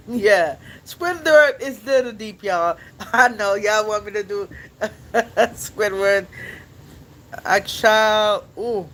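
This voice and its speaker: A man's voice: sits high, expressive, takes it slowly, bright, forceful tone, low-quality recording. A young man hosting a podcast, chatting casually with his viewers in a rambling, playful way and laughing often. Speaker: podcast host.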